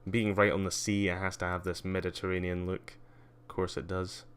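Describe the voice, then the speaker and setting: A man with a deep, smooth voice hosts a casual live-stream tour. He rambles loosely, leaning on ums and uhs, and drops in wry little asides. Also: little pitch movement, a little fast, fairly bright tone. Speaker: livestreamer.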